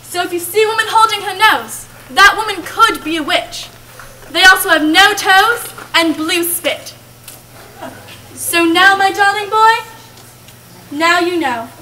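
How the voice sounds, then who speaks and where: A woman's full character voice, extremely high, bright and forceful, brings a doting old grandmother to life in an amateur stage play as she ominously warns of witches. She tells the stories slowly and dramatically, drawing out words for emphasis. Recorded by a distant audience camera in a camp hall, with faint hiss.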